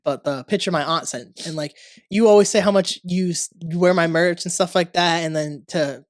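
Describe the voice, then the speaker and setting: A podcast host cuts in during a casual chat, talking fast and excitedly. The voice sits in a middle range and is recorded dry and close. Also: mid-range voice, no room sound.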